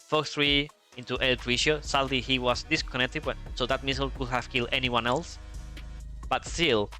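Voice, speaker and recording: A man's voice: mid-range voice, pushed and bright. A man from Spain with a Spanish accent, chatty, casually commentating a flight-sim match and thinking aloud. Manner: chatty, thinks aloud with restarts and asides to chat. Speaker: esports commentator.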